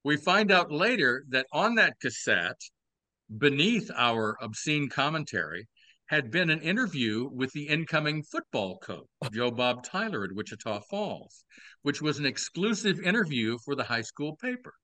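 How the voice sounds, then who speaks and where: A Texan podcast host in his sixties, speaking with a Southern accent, spins old stories full of wry, playful asides. His voice sits fairly high and sing-song, at a moderate pace, pushed and bright, with no room sound.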